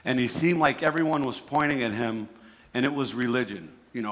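Brief: man with a New Jersey accent, mid-pitched, preaching in a reverberant hall, casual and repetitive. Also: a little fast, a bit bright. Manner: conversational, repeats himself, restarts words. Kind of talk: sermon.

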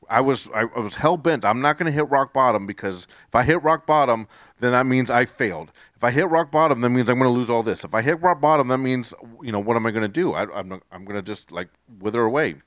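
A man's voice: mid-range voice, a bit bright, no echo, studio quality. Earnest man telling his testimony. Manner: earnest, rambling with restarts. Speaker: speaker sharing his testimony. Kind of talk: testimony talk to a group.

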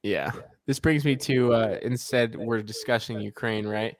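A man's voice: mid-range voice, unhurried. Teasing young man who laughs a lot. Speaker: podcast co-host. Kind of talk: casual chat.

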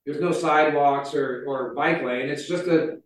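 A pastor with a fairly high voice speaks a little slowly and with fairly even intonation. His sermon is chatty and story-driven, peppered with "like" and other fillers, heard through a far-off mic in a very echoey hall.

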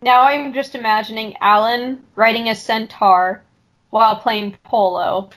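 A woman's voice: on the high side, steady tone, unhurried, a bit bright, rough recording. A woman co-hosting a casual podcast, teasing the others and laughing easily. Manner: teasing, giggly. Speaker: podcast co-host.

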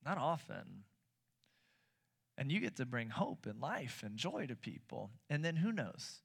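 A thirty-something pastor delivers a sermon full of lively stories, voicing his own quotes and repeating words as his excitement builds. He speaks at a measured pace in a medium-pitched voice that's creaky and slightly rough.

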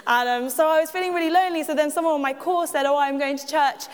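A woman with a high voice speaks quickly, giving her personal testimony at church in an echoey hall. She's chatty and pokes fun at herself, laughing often and tossing asides to the audience.

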